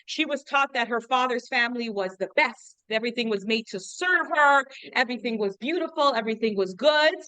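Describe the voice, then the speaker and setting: Bright high-voiced woman teaching. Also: fairly quick, few pauses, no echo. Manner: chatty, lots of "like" fillers, explains with rhetorical questions. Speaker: class teacher. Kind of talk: informal lesson.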